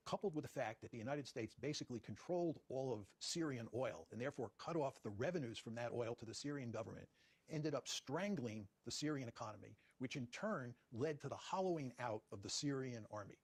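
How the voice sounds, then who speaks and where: A man with a husky voice answers as an interview guest at a brisk clip. He speaks deliberately and repeats his key points. The sound is dry and close. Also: mid-range voice, lively intonation, no room sound. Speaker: guest professor.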